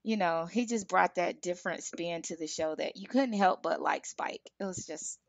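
A woman's voice: lowish voice, normal speed, creaky, no echo. A woman podcast host chatting casually with her guest, sounding enthusiastic and eager. The recording is dull and dry. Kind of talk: casual interview chat.

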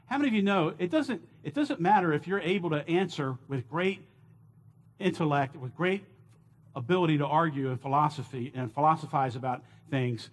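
A man teaching a church Bible class in an auditorium, earnest and emphatic, often putting questions to the class and repeating words for stress. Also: a little high.

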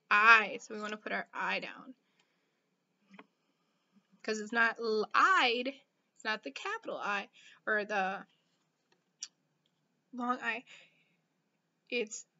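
Bright-voiced lady teacher sounding out vowels real slow, kinda dull lo-fi audio. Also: on the high side. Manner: slow, patient, sounding out letters. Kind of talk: phonics lesson for young children.

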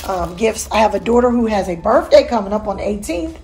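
A woman's voice: mid-range voice, animated, brisk, darkish tone. A middle-aged woman hosting a home vlog, chatting to her viewers in a folksy, encouraging way. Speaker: vlog host. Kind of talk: casual chat to viewers.

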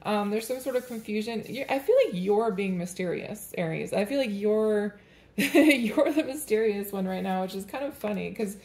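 A woman rambles through a casual tarot reading, chatting freely and laughing between the cards. Her voice has a gravelly, fry-tinged texture at a middle pitch. The room around her sounds echoey. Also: normal speed, darkish tone. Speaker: tarot reader.

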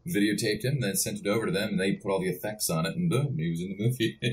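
A middle-aged male voice actor, a podcast guest, telling rambling, animated stories with many restarts. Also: lowish voice, fast, slight background noise. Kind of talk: casual podcast interview.

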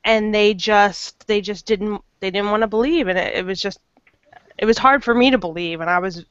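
A woman's voice: medium pitch, moderate pace, a bit bright, smooth, no echo, muffled recording. A woman guesting on a podcast, earnest and exasperated, often restarting her sentences. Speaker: guest investigator. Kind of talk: casual interview.

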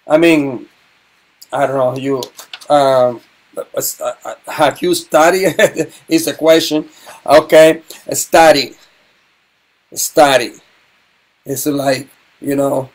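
Middle-aged male sign language teacher, slow and halting, slightly high voice. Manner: halting, repeats words, frequent ums. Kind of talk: online sign language lesson.

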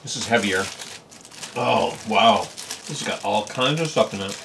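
Fairly low and creaky, his voice has lively intonation and an unhurried pace, with frequent pauses and background noise behind it. The Californian food vlogger casually narrates a meal at home in Japan, savoring bites with many pleased "mm"s and "oh"s.

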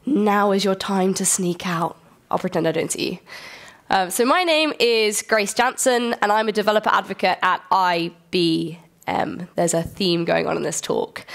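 A young adult woman with a cold and a slightly nasal voice, giving a friendly conference presentation with light jokes. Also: on the high side. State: has a cold. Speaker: conference speaker. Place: conference hall.

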